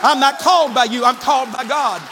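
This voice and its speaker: A man preaching a fervent Pentecostal sermon in a church, calling out to the congregation and rising to shouts. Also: very high voice, fairly quick, crowd noise, background noise. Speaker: pastor. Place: church sanctuary.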